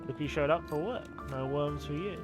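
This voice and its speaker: Man doing a Cockney crow boss: gruff, grumbling, brash, over game music. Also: on the high side, normal speed, natural voice. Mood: grumbling, bossy. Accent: put-on Cockney. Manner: blunt, chummy, grumbling. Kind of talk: reading game dialogue aloud in voice.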